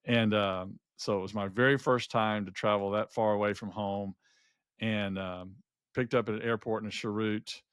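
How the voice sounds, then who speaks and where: A man's voice: fairly low pitch, clear, resonant tone, dry recording, studio quality. A middle-aged man co-hosting a podcast, telling a personal travel anecdote in casual chat, with many restarts along the way. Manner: rambling anecdotes with frequent restarts and lively quoted voices. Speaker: podcast co-host.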